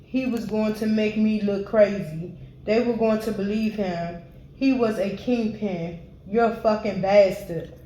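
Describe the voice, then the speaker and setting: A woman reads a first-person memoir in a steady, even way. Her voice is mellow and warm, and the room gives it a noticeable echo. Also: mid-range voice, a little hiss or hum. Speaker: audiobook reader.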